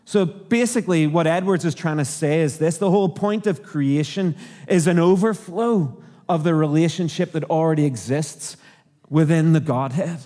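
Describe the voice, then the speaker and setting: A man's voice: fairly high pitch, moderate pace, dark tone, long reverb tail. A man from Northern Ireland with a Northern Irish accent, preaching a conversational sermon and asking the congregation questions. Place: church auditorium.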